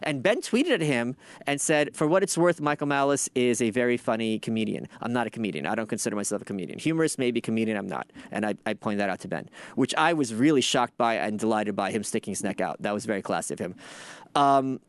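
A man hosting a podcast, ranting in casual commentary with sardonic, profane asides and animated outbursts. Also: mid-range voice, fast, clear, resonant tone, no echo. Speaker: podcast host.

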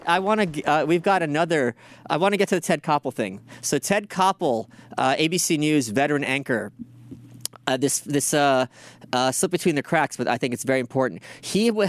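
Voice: medium pitch, no echo. A podcast host giving profane, sarcastic commentary on video clips and mocking the people in them. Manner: sarcastic, mocking, swears a lot; mimics others in put-on voices.

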